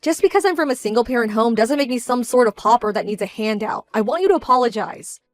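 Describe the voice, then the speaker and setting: A woman voicing a young bride-to-be who sounds indignant, measured and cold. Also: fairly high pitch, lively intonation, lightly acted. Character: young bride-to-be, hurt and proud, quietly fierce. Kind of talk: scripted story drama.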